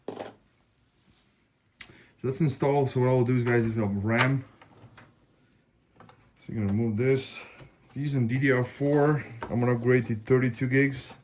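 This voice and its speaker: A man's voice: medium pitch, fairly even intonation, moderate pace, long pauses, darkish tone, a little hiss or hum. A man casually explaining a hardware install step by step, addressing viewers as he works. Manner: explains step by step while working, talks to viewers as guys. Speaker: tech video host. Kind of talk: casual hands-on tutorial.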